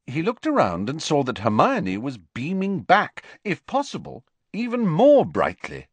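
A man narrating an audiobook with expressive, varied storytelling. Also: a little high, a little slow, slightly rough, no echo. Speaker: audiobook reader.

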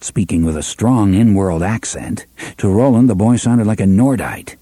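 A man reads an adventure novel aloud in a steady, measured way. His voice is mellow and warm, recorded dry and close with no room sound. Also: on the low side, slightly rough, no echo. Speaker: narrator. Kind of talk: audiobook narration.

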